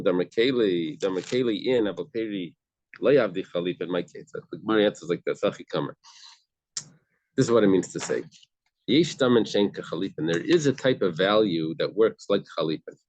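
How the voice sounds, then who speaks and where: A man's voice: deep voice, animated, a little fast, a little mellow. A man teaching a casual Talmud study class, explaining step by step with everyday examples and frequent restarts. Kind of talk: casual study-group lesson.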